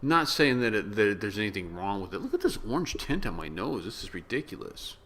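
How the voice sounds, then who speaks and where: A man hosting a reaction video, rambling and joking in a casual way, now and then bursting into loud shouts. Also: lowish voice, big pitch swings, fairly quick. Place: small room with yellow walls.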